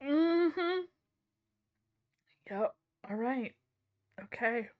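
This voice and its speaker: A woman streaming live from home, talking with her chat in a relaxed, unhurried way. Her voice sits high. She is wry and self-mocking and slips into laughter often. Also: phone-quality sound.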